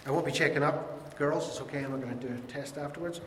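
A man's voice: on the high side, quick pace, fairly bright tone, slight background noise. Man preaching in an echoey hall. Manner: acts out quoted voices, conversational and earnest. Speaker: pastor. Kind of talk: sermon. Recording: echoey hall with faint ambience.

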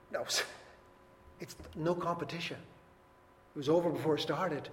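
An earnest man preaching a sermon with a fairly high voice, leaning hard on key words and then dropping low. His voice rings out with a long tail of reverb in a church hall. Faint noise sits underneath. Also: steady tone, unhurried, long pauses. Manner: earnest, emphatic preaching that swings between loud and soft. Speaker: pastor.

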